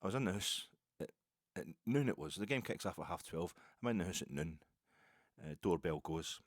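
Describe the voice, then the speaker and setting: A man's voice: deep voice, animated, brisk, dry recording, clean studio sound. A middle-aged Scottish man hosting a podcast, telling a rambling, self-deprecating story in casual chat and stumbling over repeated words. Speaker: podcast host.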